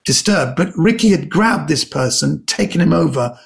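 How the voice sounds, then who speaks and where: A man telling comic anecdotes in a lively way, acting out the people he quotes. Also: fairly high pitch, normal speed, creaky. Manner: lively storyteller who acts out quoted voices. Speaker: comedian guest.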